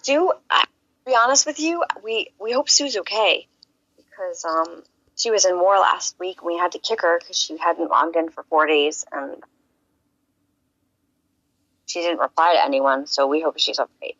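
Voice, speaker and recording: A chatty woman on a game stream's voice call, her voice bright but husky. She slips in and out of whispers while she tells stories. The call audio is dull and lo-fi. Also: fairly low pitch, normal speed, dry recording. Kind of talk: casual chat on a voice call.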